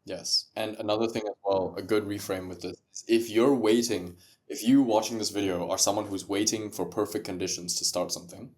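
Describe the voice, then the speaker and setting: A man's voice: lowish voice, fairly even intonation, fairly quick, darkish tone. A man who is a guest on a podcast, talking about entrepreneurship and content creation in an emphatic way, with rhetorical questions and frequent laughs. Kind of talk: casual podcast conversation.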